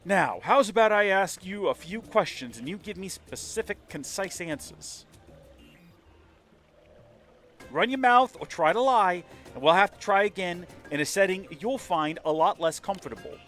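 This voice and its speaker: A man doing a menacing gangster interrogator with a shaky put-on New York accent, voice riding high and swinging widely. He leans on his threats with tough-guy bravado, over faint game music. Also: animated, moderate pace, hardly any pauses, fairly bright tone. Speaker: streamer voicing a game character.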